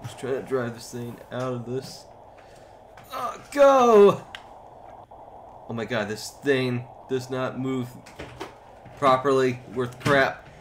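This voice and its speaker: A man's voice: medium pitch, level tone, measured pace, a bit bright, a little hiss or hum. A man streaming a video game, who exclaims at the game and teases his brother in casual chat.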